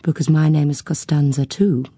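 An effusive Italian woman with a heavy accent, as a woman reader puts her on. Her voice is low, dark and a little husky, in a dry, close recording. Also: steady tone, moderate pace, dry recording. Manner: effusive, broken English.

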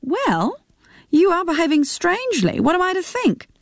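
A woman's voice: very high voice, huge pitch swings, normal speed, no echo, clean studio sound, voice pushed up, exaggerated voice. A woman doing a prying, pushy mother. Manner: pressing, insistent questions. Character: fussy, prying middle-aged mother on the phone. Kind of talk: radio reading of a novel.

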